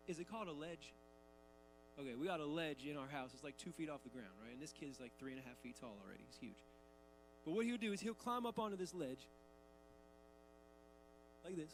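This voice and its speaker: A man's voice: sits high, a bit bright, a little hiss or hum. A man in his thirties, a pastor preaching a sermon in a church, talking in a conversational, emphatic way with casual asides. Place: church sanctuary.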